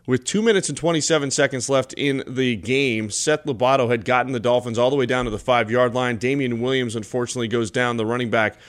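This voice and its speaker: A man hosting a radio postgame football show, reading scores and stats in a brisk broadcaster's delivery. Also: medium pitch. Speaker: play-by-play host.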